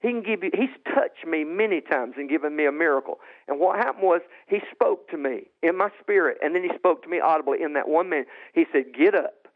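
A man telling his personal testimony with excitement, often restarting and repeating himself and jumping high and loud as he relives what happened. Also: a little fast. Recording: tinny phone-like sound.

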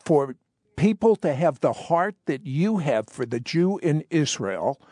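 Male talk show host, earnest preaching tone, slightly high, dry close sound. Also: very animated, measured pace, darkish tone, no echo. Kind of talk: interview talk.

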